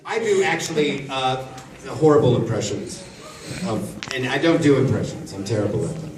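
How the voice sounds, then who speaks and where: A man answering questions on a convention panel, telling jokey stories in an animated way. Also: medium pitch, normal speed. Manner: joking, animated storyteller. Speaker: voice actor convention panel guest. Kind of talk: casual panel Q&A storytelling. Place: large convention hall. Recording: echoey hall from far off. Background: audience crowd noise.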